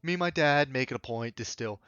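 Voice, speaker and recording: A man's voice: medium pitch, fairly quick, fairly bright tone, clear, resonant tone, dry recording, lo-fi sound. A young man in a casual story-time rant, rambling and chatty, full of asides, on a home desk microphone. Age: young adult. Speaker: vlogger.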